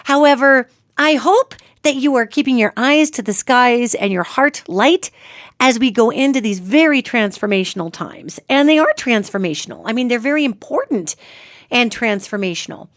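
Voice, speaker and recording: A woman's voice: on the high side, lively intonation, moderate pace, no echo, clean studio sound. A middle-aged woman hosting a solo podcast, talking earnestly and chattily to her listeners. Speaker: psychic podcast host.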